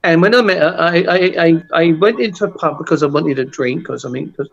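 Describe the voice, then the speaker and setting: A man's voice: fairly high pitch, fairly quick, gravelly, muffled recording. A man with an Essex English accent, chatting casually on a video call and telling rambling stories with lots of restarts. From England. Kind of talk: casual chat, storytelling.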